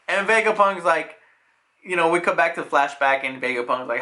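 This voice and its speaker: Animated man with a bright voice. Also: on the high side, fast talker. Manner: animated retelling that acts out scenes. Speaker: YouTube manga reviewer. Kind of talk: casual chat.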